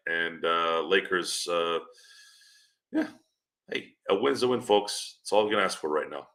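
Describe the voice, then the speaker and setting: A man's voice: lowish voice, pushed and bright. A man hosting a casual sports stream, rambling and teasing the people in his chat. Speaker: podcast host.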